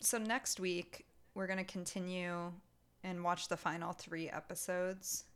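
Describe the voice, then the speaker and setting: A woman co-hosting a casual podcast, ranting in a heated, animated way. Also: on the low side, measured pace, clean tone. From Italian heritage. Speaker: podcast co-host.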